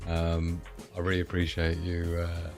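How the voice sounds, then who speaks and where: A man's voice: deep voice, completely flat delivery, measured pace, soft background music. A man hosting a casual live stream, rambling and giggly with lots of fillers.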